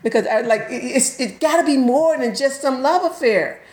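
A woman's voice: high voice, normal speed. Laughing woman chatting in an echoey room. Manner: animated, laughs often, mimics other people. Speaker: book club member. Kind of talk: casual chat.

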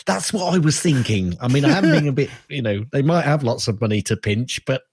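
A man's voice: mid-range voice, lively intonation, a little fast, breathy edge, no room sound, studio quality. A man co-hosting a podcast, reading tech news in a rambling, chatty way that often trails off. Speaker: podcast co-host.

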